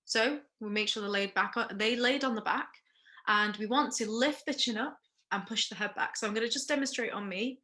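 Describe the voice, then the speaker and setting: A woman teaching a first aid workshop in a recorded lesson, explaining each step, pausing to ask questions, and checking in with frequent okays. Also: fairly high pitch, pushed and bright.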